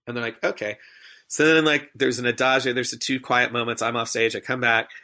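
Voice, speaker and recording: A man with a bright, forceful voice tells an anecdote from the stage in a podcast interview. He talks animatedly and acts out the voices of the people in his story. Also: medium pitch, fairly even intonation, a little fast. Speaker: guest, stage performer and MC.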